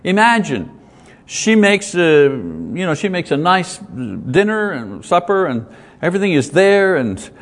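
A man's voice: high voice, sing-song, unhurried. Man preaching in a long-echoing hall. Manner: earnest, conversational preaching with repetition. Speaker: pastor. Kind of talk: sermon.

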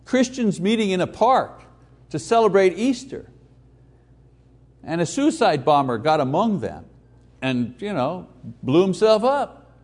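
Male pastor, fairly high voice, very lively delivery; emphatic slow lines, quiet asides. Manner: animated preaching with slow emphatic phrases and sudden quiet asides. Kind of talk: sermon.

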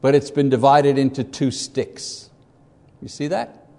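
Slow, halting man lecturing in a hall. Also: mid-range voice, fairly even intonation, mellow. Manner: unhurried, halting, with many fillers and asides. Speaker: Bible teacher. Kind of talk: classroom lecture.

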